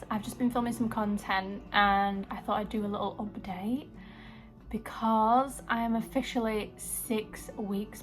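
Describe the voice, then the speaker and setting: A young woman, chatting to camera in a gushing, bubbly video-diary style with frequent laughs. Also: medium pitch. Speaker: lifestyle vlogger.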